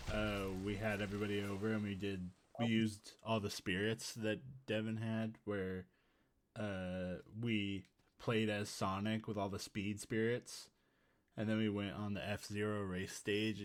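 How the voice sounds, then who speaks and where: A man chatting casually during a video game session, tossing in quick, dry jokes and recalling past game nights. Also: on the low side. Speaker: co-host playing a video game. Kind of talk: casual gaming chat.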